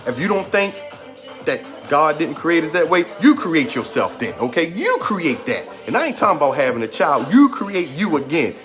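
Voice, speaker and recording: Pitched on the high side and very animated, a man in his 30s speaks at a normal pace. He's giving an emphatic, repetitive motivational talk, holding back tears, while music plays behind him.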